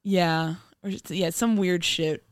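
A woman's voice: fairly low pitch, steady tone, slow pace, no echo, studio quality. A young woman co-hosting a casual chat show, joking playfully and giggling often. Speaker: podcast co-host.

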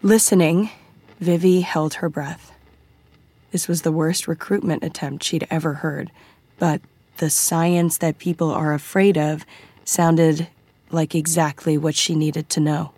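Low-voiced woman narrating an audiobook. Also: flat delivery, measured pace, warm tone, slightly rough, dry recording.

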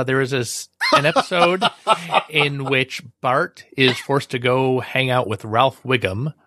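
Male panelist; precise and fast, mid voice, dry close mic. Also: medium pitch, a bit bright, no room sound. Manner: precise, fast-talking explainer. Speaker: podcast panelist. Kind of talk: casual podcast chat.

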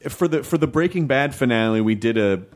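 A man's voice: medium pitch, animated, fairly quick. A man with a mid-range voice hosts a podcast, chatting casually with his guest. He talks enthusiastically and repeats words as he searches for what to say. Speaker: podcast host. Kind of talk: casual conversation.

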